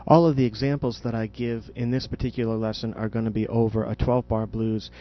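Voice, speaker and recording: A man's voice: on the low side, flat delivery, brisk, muffled recording, faint music behind. A man teaching jazz improvisation in a podcast audio lesson, explaining patiently and demonstrating spoken question and answer inflections.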